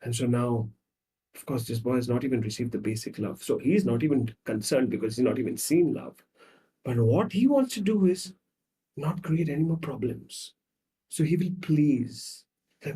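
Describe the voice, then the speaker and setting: A man, a psychologist, explaining with animated storytelling and acting out the voices of people in his examples. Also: mid-range voice, moderate pace, far from the mic. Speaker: psychologist guest.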